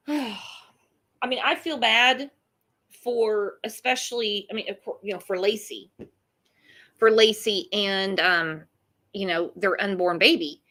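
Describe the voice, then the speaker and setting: A woman's voice: medium pitch, slow, long pauses, sharp tone. A woman hosting a casual true crime livestream, blunt and profane, greeting chat viewers by name.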